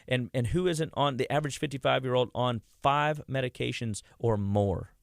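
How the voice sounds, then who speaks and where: Man, radio guest, health clinician, casual energetic talk, mid pitch, dry close mic. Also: normal speed, gravelly, no echo. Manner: energetic, addresses listeners as "guys", acts out quoted people; frequent restarts and repeated words.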